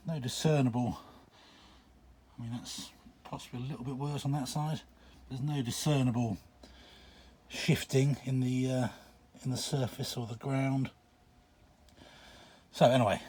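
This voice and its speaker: A man's voice: mid-range voice, fairly even intonation, moderate pace, darkish tone, breathy edge. A man out of breath, giving casual chatty commentary as he digs in an outdoor pit and films himself with a handheld camera. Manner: chatty, muttered asides, trailing off. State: out of breath from bending. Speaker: vlogger digging an old shelter. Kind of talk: casual commentary while digging. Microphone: handheld camera while digging.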